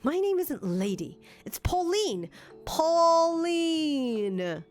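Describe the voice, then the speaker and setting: An earnest young foreign woman traveler, voiced by a woman, chatty and friendly, tripping over her words whenever she gets flustered. Her tone sits mid-range and she speaks slowly, with faint music behind her in a visual novel reading. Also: medium pitch, lively intonation, darkish tone, lightly acted. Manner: chatty, easily flustered, stammers when nervous. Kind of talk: fan voice acting of a visual novel.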